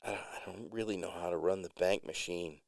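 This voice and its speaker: A man's voice: sits low, brisk, vocal fry, dry recording, clean studio sound. A man voicing a shy, nervous young farmer who stammers. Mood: awkward. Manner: hesitant, stammering.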